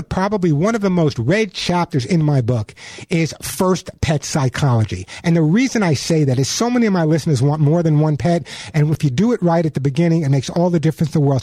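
A man's voice: fairly high pitch, a little mellow, no echo, studio quality. A man hosting a call-in radio pet show, chatty and emphatic, often repeating words as he gives advice. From New York.

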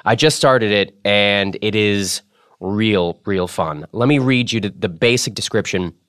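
A man's voice: on the low side, a little slow, a bit bright, no echo, studio quality. A man hosting a podcast in a casual chat style, playful and self-mocking as he jokes with his producer. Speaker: podcast host.

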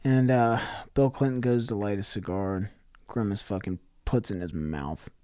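A man co-hosting a podcast, improvising a profane comic story with a deadpan delivery. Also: on the low side, moderate pace, clean tone, no echo, clean studio sound. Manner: deadpan profane narration with sudden loud outbursts. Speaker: podcast co-host.

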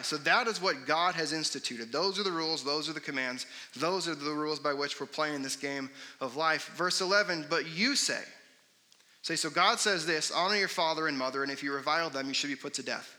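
Conversational pastor in a reverberant hall. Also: male voice, a little high, a little fast, sharp tone. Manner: conversational, storytelling, sarcastic asides. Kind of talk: sermon.

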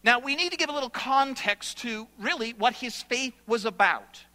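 A male pastor preaching a sermon, explaining scripture in an animated way with sudden loud bursts. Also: very high-pitched, moderate pace. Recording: long hall reverb.

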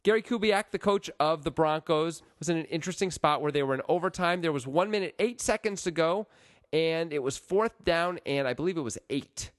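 A man co-hosting a casual sports podcast, animated and jokey with a playful deadpan streak. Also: fairly high pitch, fairly quick, no echo, clean studio sound. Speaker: podcast co-host.

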